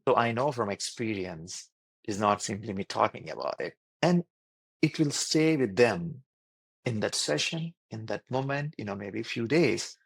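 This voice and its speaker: A man's voice: lowish voice, lively intonation, normal speed, gravelly, husky, no room sound. Man, interview guest; earnest and explanatory, dry close mic. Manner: earnest, explains with repeated phrases and lists. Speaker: doctor and wellness program creator.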